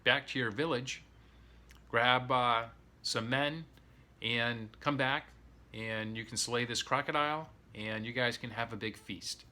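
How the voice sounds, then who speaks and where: A man's voice: mid-range voice, fairly even intonation, unhurried, bright, forceful tone. A man voicing a clever little rabbit in a spoken folk tale, shrewd and scheming. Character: clever little male rabbit, quick trickster.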